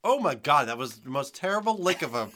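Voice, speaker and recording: A man's voice: a little high, sing-song, fast, noisy background. A man co-hosting a podcast, rambling and swearing in casual banter and laughing easily. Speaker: podcast co-host.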